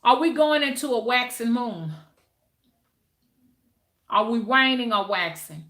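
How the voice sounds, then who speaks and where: A woman's voice: fairly high pitch, animated, measured pace, sharp tone, echoey room. A woman hosting a spiritual livestream, talking casually and preachily to her viewers and greeting them by name.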